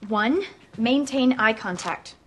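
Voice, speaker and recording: A woman's voice: a little high, animated, slow pace, fairly bright tone, a little hiss or hum. An actress playing a woman who reads out dating tips, in a film clip. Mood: instructive.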